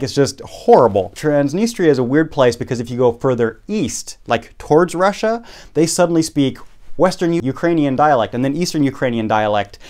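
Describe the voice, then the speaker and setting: Guy hosting a podcast, rambly storytelling, restarts a lot, dry jokes, mid pitch. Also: darkish tone. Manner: rambling, self-correcting, wry. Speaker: podcast host. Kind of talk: casual storytelling.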